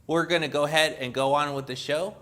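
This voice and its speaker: A man's voice: on the high side, steady tone, brisk, fairly bright tone. A man hosting a children's church show, teaching in a playful way that talks straight to the kids.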